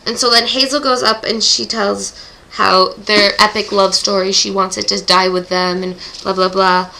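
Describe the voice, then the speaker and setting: A woman's voice: medium pitch, little pitch movement, moderate pace, creaky, pushed and bright, poor audio. A teenage girl recapping book chapters in a casual vlog, gushing and emotional, with groaning sighs. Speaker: book club vlogger.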